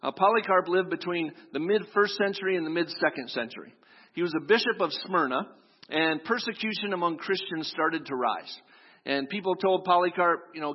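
Husky pastor preaching in an echoey hall. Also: male voice, high voice, a little fast. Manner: storytelling, acts out quoted voices. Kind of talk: sermon. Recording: echoey hall, dull lo-fi sound.

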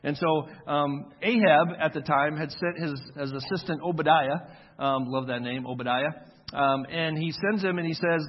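This man in his forties, a pastor, preaches conversationally and casually, voicing the characters he quotes while narrating. His voice runs on the high side at a moderate pace, and the recording has the echo and dull lo-fi quality of a hall.

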